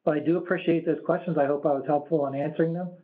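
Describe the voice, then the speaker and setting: A slightly hoarse man presenting a webinar, answering audience questions in a measured, careful way with many fillers and restarts. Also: a little high, steady tone. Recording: tinny phone-like line.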